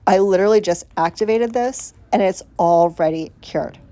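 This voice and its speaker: Mellow-voiced woman gushing over nails. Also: mid-range voice, moderate pace. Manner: chatty, gushing and casually profane. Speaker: nail vlogger. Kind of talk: casual tutorial voiceover. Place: voiceover recorded separately from the video.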